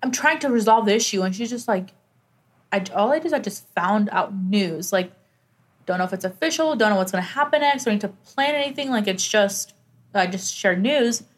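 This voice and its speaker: A woman's voice: medium pitch, expressive, a little fast. A young adult woman co-hosting a podcast, telling a personal story in casual chat with many "like"s. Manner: storyteller who reenacts conversations, many "like"s. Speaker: podcast co-host.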